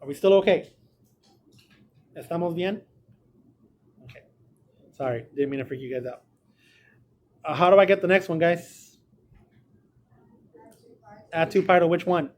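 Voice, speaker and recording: A man's voice: on the high side, unhurried, long pauses. A man teaching a recorded math lesson in a small room, with a chatty, joking manner, speaking straight to his students. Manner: chatty, jokey, talks to students directly.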